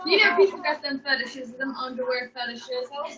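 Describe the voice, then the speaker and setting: A woman's voice: high voice, expressive, brisk, few pauses, bright, forceful tone. A young woman chatting casually on a livestream, rambling, joking and swearing freely. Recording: echoey room, distant mic, dull sound.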